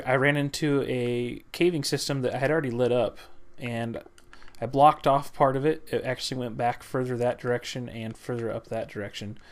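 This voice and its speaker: Male gaming host, casual commentary, laid-back with fillers. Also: mid-range voice. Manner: relaxed, explains to viewers with many fillers.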